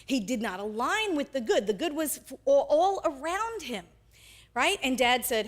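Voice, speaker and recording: A woman pastor delivering a sermon in an animated way, acting out the quoted characters as she goes. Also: sits high, normal speed.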